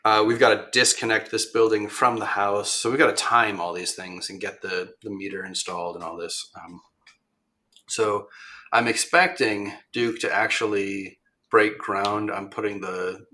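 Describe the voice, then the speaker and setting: A man talking as a podcast guest in casual storytelling style, rambling with many ums and restarts and turning animated when he quotes other people. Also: fairly low pitch, normal speed. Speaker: podcast guest, machine shop owner.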